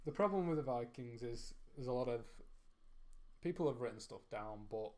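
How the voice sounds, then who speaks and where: A man's voice: medium pitch, expressive, moderate pace, darkish tone. Hesitant man chatting casually. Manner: hesitant, many fillers and restarts. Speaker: podcast co-host presenting history. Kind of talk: casual chat.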